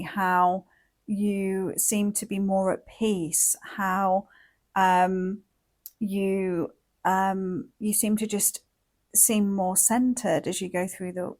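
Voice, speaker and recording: A woman hosting a wellbeing podcast, talking in a gentle, reflective monologue with frequent "like" and "you know" fillers. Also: medium pitch. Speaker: podcast host and wellbeing coach.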